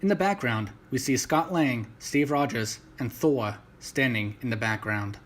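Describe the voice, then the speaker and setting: A man reading his own fan fiction story aloud in a plain, even manner. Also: medium pitch, a little slow.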